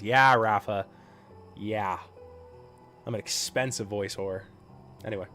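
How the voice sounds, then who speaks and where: A man's voice: lowish voice, slow pace, long pauses, a bit bright, faint music behind. An American man streaming a game live, chatting casually and teasing his viewers in a loose, joking way that often trails off into fillers. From United States. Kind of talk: live-stream chat while gaming.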